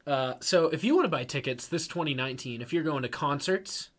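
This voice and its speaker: A man's voice: fairly high pitch, a little fast. A man co-hosting a casual podcast, laughing often and reading out sponsor plugs. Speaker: podcast co-host.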